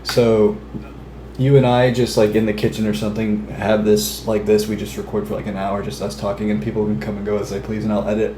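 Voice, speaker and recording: A man's voice: lowish voice, little pitch movement, a little fast, background noise. A young man co-hosting a podcast in casual chat, talking hesitantly and searching for words with many fillers. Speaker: podcast co-host. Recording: roomy echo.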